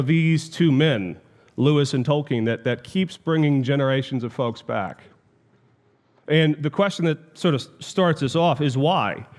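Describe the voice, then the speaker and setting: A man's voice: fairly high pitch, darkish tone. Reflective male professor lecturing. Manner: reflective storytelling, with deliberate pauses. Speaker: theology professor.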